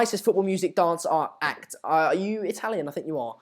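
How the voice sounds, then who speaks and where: Fairly high-pitched and expressive, this Swedish live stream host talks a little quickly while watching football with his audience. He keeps up a chatty commentary on the match and reads out comments from viewers.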